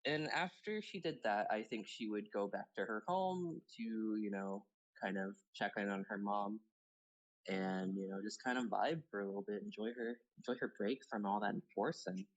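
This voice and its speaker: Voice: low-pitched, normal speed, low-quality recording. A tabletop game player talking casually, hesitant and full of fillers. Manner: relaxed, hesitant, filler-heavy.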